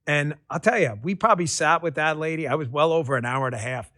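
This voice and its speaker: A man hosting a podcast interview, telling stories in a relaxed, rambling way with lots of fillers and restarts. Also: a little high, fast, hardly any pauses, no echo, clean studio sound. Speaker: podcast host. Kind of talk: conversational interview storytelling.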